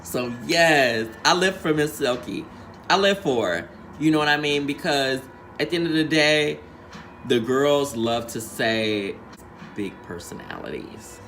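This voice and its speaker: A man with a bright, forceful voice pitched a little high, hosting a casual recap. He talks with sassy, profane drag slang and keeps slipping into changed voices for quotes. A faint hiss sits under him. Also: a little slow. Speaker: reality show recap host.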